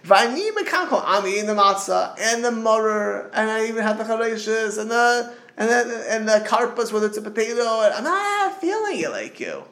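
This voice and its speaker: A man's voice: sits high, sing-song, normal speed, hardly any pauses, a bit bright, roomy sound, voice pushed up, full character voice. A man voicing an earnest wise young man who pleads to know why he cannot feel connected. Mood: yearning. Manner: pleading, searching.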